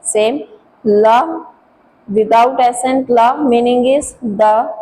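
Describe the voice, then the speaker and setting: Slow, mellow woman teaching French. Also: on the high side, a little hiss or hum, poor audio. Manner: slow, careful explaining, switching into Hindi. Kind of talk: classroom lesson.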